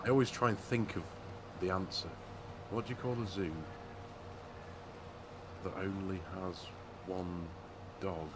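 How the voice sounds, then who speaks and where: Chatty man with a low voice. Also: measured pace, long pauses, noisy background. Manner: jokey, chatty, says mate a lot, reads chat messages aloud. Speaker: co-host of a farming game livestream. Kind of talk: casual live-stream chat.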